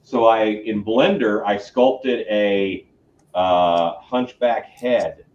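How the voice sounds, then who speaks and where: A man's voice: on the low side, darkish tone. A man talks casually and hesitantly, often restarting his sentences. He sounds far from the mic in a roomy space. The audio is dull, lo-fi and faintly noisy. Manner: hesitant, halting. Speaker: guest on a live stream. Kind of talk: casual chat. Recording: distant echoey lo-fi mic.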